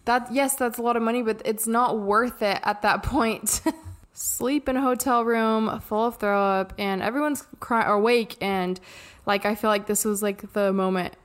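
A woman in her thirties, co-hosting a podcast, telling a family story in a lively way, laughing often and jumping in to finish her partner's sentences. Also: on the high side, moderate pace. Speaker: podcast co-host. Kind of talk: casual storytelling.

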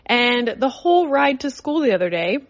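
A young woman from Canada chats casually on her solo podcast, rambling and full of fillers. Her voice sits a little high. The audio is slightly dull and lo-fi. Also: big pitch swings, normal speed. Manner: chatty, rambling, lots of "like". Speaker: podcast host. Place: in a car.

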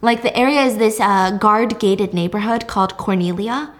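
A woman hosting a casual chat, retelling a drama with animated, playful storytelling. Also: mid-range voice, normal speed. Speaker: host.

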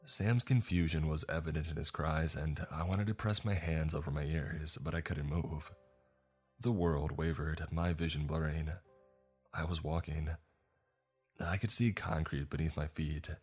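A man narrating a horror story in a measured, somber first-person voice. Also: extremely low pitch, fairly even intonation, slightly rough, soft background music.

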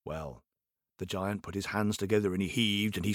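A man telling a folk tale to children in a playful, expressive way, speaking straight to his listeners. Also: fairly low pitch, moderate pace, no room sound, studio quality. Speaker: storyteller. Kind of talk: animated storytelling for children.

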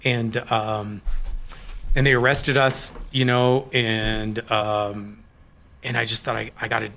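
A middle-aged man from Colorado telling his own story of hard times as an interview guest, candid and halting. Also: medium pitch, fairly even intonation, bright, forceful tone. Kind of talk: personal recovery story in an interview.

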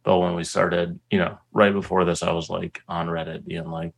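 Deep, gravelly-voiced man telling a story. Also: measured pace, poor audio. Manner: profane, animated storyteller with many "like"s. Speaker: interview guest. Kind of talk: casual storytelling.

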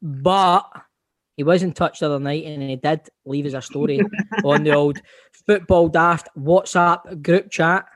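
A man's voice: fairly high pitch, steady tone, measured pace, fairly bright tone. A Scottish man hosting a football podcast in jokey, laughing casual chat. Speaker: podcast host.

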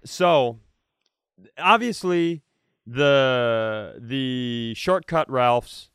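A man's voice: medium pitch, expressive, drawn-out words, fairly bright tone, smooth, no room sound, clean studio sound. A man co-hosting a comedy podcast in casual chat, with faint traces of a Southern US accent. He rambles, loses his words and mocks himself. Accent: faint Southern US, mostly trained out. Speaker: podcast co-host.

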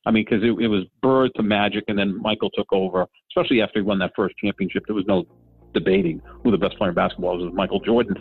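A man's voice: on the low side, steady tone, fast talker, creaky, slightly rough, no room sound. A man in his fifties chatting casually about sports, rambling with lots of fillers and restarts. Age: 50s. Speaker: podcast co-host. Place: home, during lockdown. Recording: tinny phone-like line.

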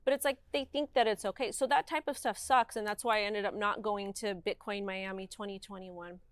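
A woman's voice: medium pitch, fairly quick, dry recording. Candid, emphatic woman interview guest. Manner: emphatic, animated, heavy use of "like".

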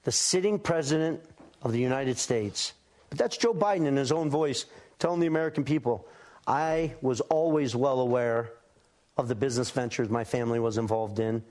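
A man's voice: medium pitch, normal speed, darkish tone. Earnest man answering a TV interview. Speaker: interview guest.

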